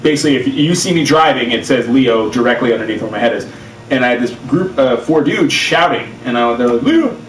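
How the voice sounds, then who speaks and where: Animated young man telling stories. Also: medium pitch, brisk. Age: young adult. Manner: animated storyteller, loud acted quotes. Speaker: podcast co-host. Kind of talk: casual chat. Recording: roomy live stream, mic at a distance.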